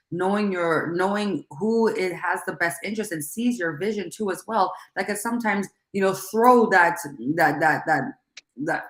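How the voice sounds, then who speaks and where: A middle-aged woman hosting a casual talk show, talking in an animated, rambling way and laughing often. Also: lowish voice, roomy sound.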